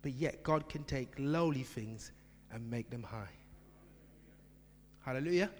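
Emphatic preacher in a reverberant hall. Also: male voice, mid-range voice, a little slow. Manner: emphatic, swings from shouted repetition to quiet asides. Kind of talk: sermon. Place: church.

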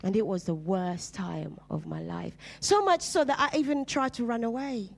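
At a moderate pace and with some creak in her voice, a woman preacher from Uganda relates her testimony in conversation. She is earnest throughout and turns low and soft when recalling pain.

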